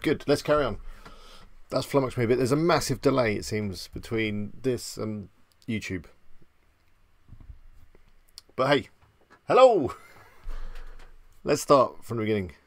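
A man's voice: mid-range voice, normal speed, no room sound. A man hosting a casual live stream, chatty and self-deprecating, greeting viewers by name.

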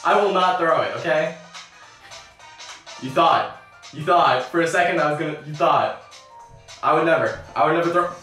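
A woman streaming a game, excitable and swearing often, yelling when she scores. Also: sits low, normal speed, pauses often. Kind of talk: live game stream commentary. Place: bathroom. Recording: echoey bathroom, distant from mic, faint game music.

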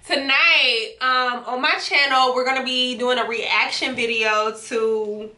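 A woman hosting a laid-back home reaction chat, her voice high and bright. She talks in a chatty, slangy way and laughs easily. The room is echoey. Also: fairly even intonation, unhurried. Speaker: YouTube reaction host. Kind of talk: casual recap chat. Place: home setup with hookah and wine.

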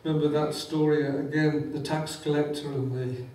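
A man's voice: on the high side, level tone, normal speed, darkish tone. A man preaching a sermon, fervent and quoting scripture with rising emphasis. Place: church hall. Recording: echoey church hall, mic at a distance.

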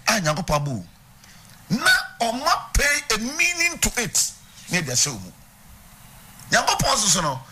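In a church, a man with a Ghanaian accent preaches a sermon mixing Twi and English, teaching and putting questions to his congregation. His voice is high-pitched and sharp, with a slight hiss or hum.

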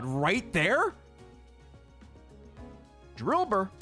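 An excitable man giving casual let's-play commentary, with a slightly high voice that swings wildly up and down. He swears freely and chats with the creatures on screen. Faint music plays behind him. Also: moderate pace. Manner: excitable, swears a lot, talks to game creatures.

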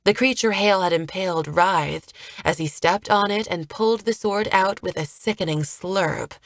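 A woman narrating an audiobook chapter, reading a fast action scene in a steady storytelling manner. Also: mid-range voice, dry recording. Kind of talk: scripted narration.

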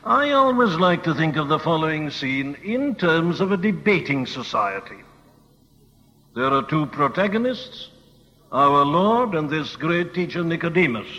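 A man's voice: a little high, sing-song, unhurried, pushed and bright. A man preaching a sermon, telling the story vividly and with emphasis. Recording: old dull recording in a reverberant hall.

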